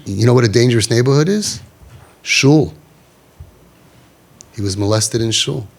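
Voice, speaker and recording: A man's voice: medium pitch, normal speed, vocal fry. Emphatic middle-aged man addressing parents. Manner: emphatic, repetitive, mixes in Yiddish and Hebrew words. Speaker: parenting group leader. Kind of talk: animated talk to a parents' group.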